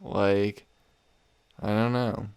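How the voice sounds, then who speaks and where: A man's voice: on the low side, little pitch movement, extremely slow, vocal fry, a little mellow, clean tone, no room sound. A young man hosting a casual comedy podcast, ranting with lots of swearing and laughing at his own stories. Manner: profane, rambling, laughs often. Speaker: podcast host. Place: home room.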